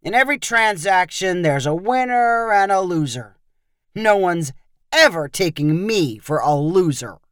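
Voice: mid-range voice, animated, measured pace, fairly bright tone, clear, resonant tone, dry recording, clean studio sound. A narrator voicing a brash, arrogant male American tourist who bargains harshly, in an audio short story reading.

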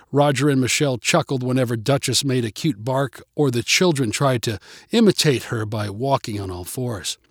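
A man narrating a storybook in an expressive, even-paced way. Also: medium pitch, dry recording, clean studio sound. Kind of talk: storybook reading.

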